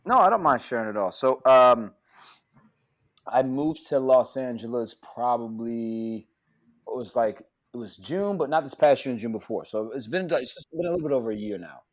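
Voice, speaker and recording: A man, an actor guest on a podcast, telling stories in an animated, casual way with plenty of cursing and acted-out quotes. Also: medium pitch, normal speed, highs cut off. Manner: animated, profane, acts out quotes. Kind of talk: casual storytelling.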